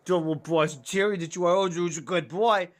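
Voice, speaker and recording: A woman voicing a soft-spoken, dramatic gothic young man in a dating game, with a lowered, hushed voice. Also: brisk, natural voice. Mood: fond.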